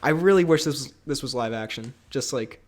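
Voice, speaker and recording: A man's voice: medium pitch, expressive, fairly quick. A man hosting a podcast in casual chat, jokey and rambling, laughing often. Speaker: podcast host.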